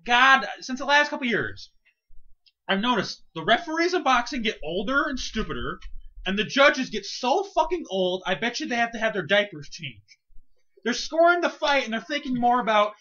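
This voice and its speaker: A man's voice: very high voice, moderate pace, lo-fi sound. A man co-hosting a casual podcast, ranting with lots of swearing. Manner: profane, animated ranting. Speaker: co-host.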